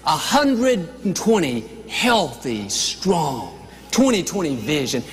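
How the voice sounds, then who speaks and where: A man with a fairly high voice preaches a motivational sermon, stacking phrase on phrase with firm emphasis. He drops in playful asides along the way. His voice rings with the long reverb of a large hall. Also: huge pitch swings, slow. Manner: emphatic, builds lists of declarations with rising and falling emphasis; playful asides with light chuckles.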